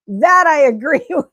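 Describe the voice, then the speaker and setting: Chatty higher-voiced middle-aged woman. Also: fairly bright tone, no room sound. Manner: chatty, laughs often, reads viewer comments aloud. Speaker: sewing show host. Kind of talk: casual livestream chat.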